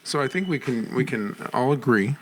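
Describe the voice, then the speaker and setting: A man co-hosting a podcast, joking loudly and laughing through casual banter with friends. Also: mid-range voice, lively intonation, moderate pace, a crowd in the background, rough recording. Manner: loud, laughing, jokey banter with put-on bits. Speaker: podcast co-host. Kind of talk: casual chat.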